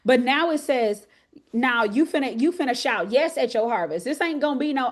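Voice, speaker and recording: A woman's voice: high-pitched, lively intonation, normal speed. A woman from Texas with a Texas accent preaching to women, folksy and country, calling on listeners by name. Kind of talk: lively sermon to women's group.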